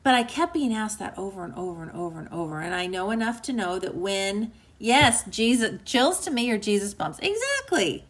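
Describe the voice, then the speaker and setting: With a medium-pitched, lively voice, this woman author talks fairly quickly and with few pauses while hosting a book club livestream. Her motivational message to live viewers is earnest and emotional, sometimes dropping soft and quiet, and she chats as she reads their comments aloud.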